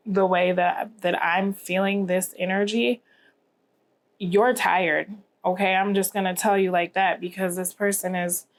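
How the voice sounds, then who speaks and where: A tired, yawning woman giving a rambling tarot reading to camera, often asking "okay?". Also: medium pitch. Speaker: tarot reader.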